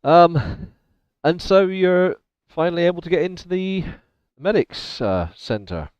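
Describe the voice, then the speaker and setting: Man, game master, tabletop game narration, lively pitch, dry dull lo-fi sound. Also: a little slow, smooth, dry recording. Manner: descriptive, laughing often.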